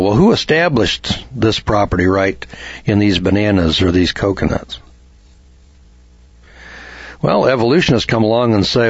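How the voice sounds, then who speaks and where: A man's voice: lowish voice, expressive, moderate pace, husky, dry recording. A man from the United States giving a folksy, argumentative lecture on law, acting out little dialogues as he goes. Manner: homespun, argumentative, acts out dialogue. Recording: dull dry lo-fi recording.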